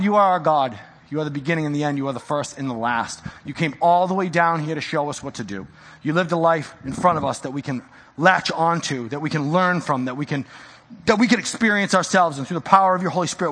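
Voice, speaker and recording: A male pastor preaching a sermon in a church, swinging from loud exhortation to hushed intensity. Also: a little high, long reverb tail.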